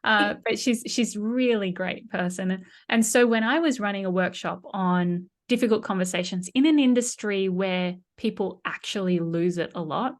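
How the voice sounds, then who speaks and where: A middle-aged woman, speaking as an interview guest about communication, telling stories and explaining in a lively way, with frequent restarts. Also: lowish voice. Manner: animated storyteller, frequent restarts and laughs.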